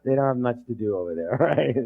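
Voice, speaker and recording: A man's voice: mid-range voice, lively intonation, fast, gravelly. A man leading a live leadership seminar. He drills the room with call-and-response and often restarts his sentences. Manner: rambling restarts. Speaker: leadership trainer. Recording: dull lo-fi recording.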